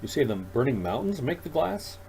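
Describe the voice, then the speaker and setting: A man voicing a polite, patient adult male space traveler who speaks in a measured, courteous way. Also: medium pitch, sing-song, gravelly, darkish tone, a little hiss or hum, pitched above the performer's own voice, low-quality recording. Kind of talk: audiobook character voice.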